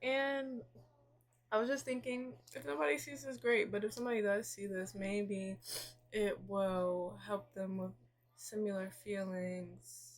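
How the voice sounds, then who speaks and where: A young woman chats at a slow, unhurried pace while she does her nails at home. Her voice is soft and a bit emotional, full of pauses and small fillers. It sounds like an intimate, confessional vent to a close friend. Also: medium pitch, steady tone. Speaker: vlogger. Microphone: camera set up nearby.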